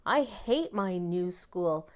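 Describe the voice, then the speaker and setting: A woman's voice: on the low side, expressive, slow pace. A woman voicing a fretful girl who dreads her first day, with a whiny, pleading voice. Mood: whiny, stubborn.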